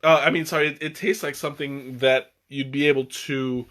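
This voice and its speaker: A young man hosting a casual live stream, excitable and rambling, with many restarts and fillers. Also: mid-range voice, brisk. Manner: excitable, laughs often. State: has the hiccups. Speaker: tea stream host.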